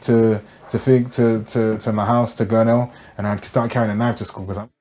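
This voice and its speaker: A man's voice: fairly low pitch, flat delivery, normal speed, darkish tone, soft background music. A young man with a London accent telling comic stories in slangy street talk, saying bruv at every turn. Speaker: storyteller. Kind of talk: comedic storytelling.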